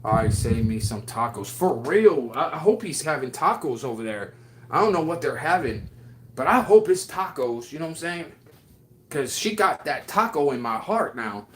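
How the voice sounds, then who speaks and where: A man's voice: on the high side, big pitch swings, normal speed, fairly bright tone, a little hiss or hum. A man chatting casually on his livestream, rambling and affectionate, with lots of fillers as he answers viewers. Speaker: livestream host.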